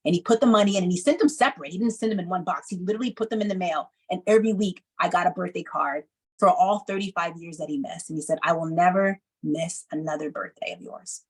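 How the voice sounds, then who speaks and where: A woman in her thirties telling a personal story to an audience, acting out the people she quotes with lively emphasis. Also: lowish voice, fast talker, slightly rough, low-quality recording. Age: 30s. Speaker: speaker.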